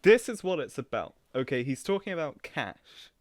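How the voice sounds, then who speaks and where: A man's voice: a little high, big pitch swings, moderate pace, no room sound. A man live-streaming casual reaction commentary, chatty and mocking, often laughing at what he watches.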